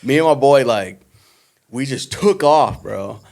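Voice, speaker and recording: A man's voice: mid-range voice, expressive, a little slow, gravelly, a little mellow. A young man and army veteran, a podcast guest, telling stories casually and laughing often. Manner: laid-back, laughs often, swears freely. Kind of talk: casual storytelling.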